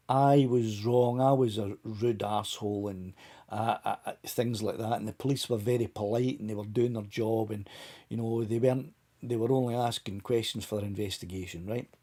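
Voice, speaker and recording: Man, live stream host, relaxed chatty delivery to his viewers, mellow husky tone. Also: mid-range voice. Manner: chatty, talks straight to viewers by name. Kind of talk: casual live stream chat.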